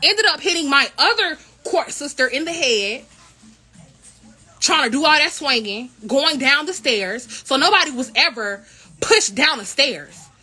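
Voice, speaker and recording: High bright young woman telling a story. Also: unhurried. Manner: animated, indignant retelling with quoted dialogue. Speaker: college royal court member. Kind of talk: casual storytime vlog.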